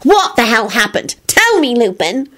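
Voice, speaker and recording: A woman's voice: sing-song, normal speed, a bit bright. A woman voicing Solange, a frantic, easily alarmed woman who shrieks in indignation. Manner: high-pitched, shrieking and indignant.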